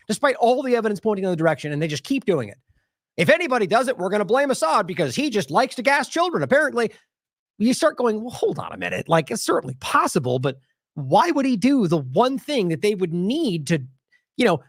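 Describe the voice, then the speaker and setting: A man's voice: high-pitched, no room sound, studio quality. A man hosting a news commentary show, talking casually and skeptically with many restarts and mocking quotes of what he plays. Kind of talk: casual commentary on video clips.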